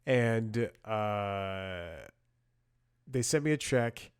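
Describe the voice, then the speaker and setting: A man's voice: fairly low pitch, very slow, smooth, no echo, studio quality. A man hosting a comedy podcast, telling a rambling story with lots of restarts and sarcastic asides. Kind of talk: casual comedic monologue.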